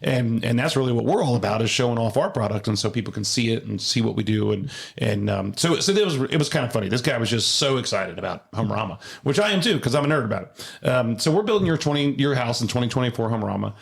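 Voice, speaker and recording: A man's voice: mid-range voice, expressive, fast, vocal fry. A man, a home builder hosting a casual podcast, rambling through stories with many restarts.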